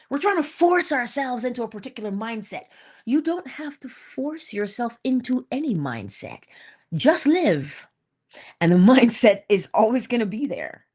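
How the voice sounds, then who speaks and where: A woman's voice: fairly high pitch, sing-song, a little slow, a little mellow. A woman hosting an inspirational morning talk, casual and emphatic, repeating key phrases and laughing between points. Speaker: host.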